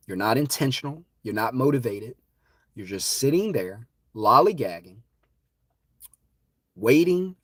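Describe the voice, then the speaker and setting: A man hosting a live stream, talking in an impassioned, preachy way that swings from loud to hushed. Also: mid-range voice, no echo, studio quality.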